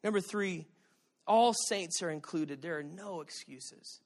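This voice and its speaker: A middle-aged male pastor preaching a sermon, telling stories with animated energy and shouting at the high points. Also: a little slow. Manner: animated storytelling, shouting at peaks.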